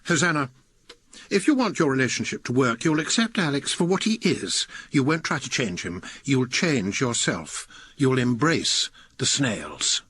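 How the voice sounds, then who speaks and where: A cutting, sociopathic older academic father from a radio comedy. His voice is husky and deadpan, yet it rises and falls with lively inflection. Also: mid-range voice, measured pace, heavily acted.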